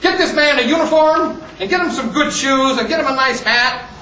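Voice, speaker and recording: A grizzled old sergeant, put on by a man, scolding gruffly in a loud, bright voice. The room echoes heavily and he sounds far from the mic. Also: very high-pitched, moderate pace, a little hiss or hum, voice pushed up.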